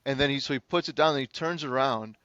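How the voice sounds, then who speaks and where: Bright-voiced man telling a wild story. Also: medium pitch, smooth, no echo. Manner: animated, profane, fast-moving anecdote. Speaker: public defender. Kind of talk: casual podcast storytelling. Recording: slightly dull lo-fi sound.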